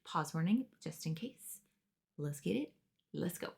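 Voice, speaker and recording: A woman's voice: lowish voice, animated, a little slow, vocal fry, a little mellow, breathy edge. Chatty young woman co-hosting a reaction video. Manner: chatty, laughs often, explains the plan. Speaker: reaction channel co-host. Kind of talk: casual reaction chat.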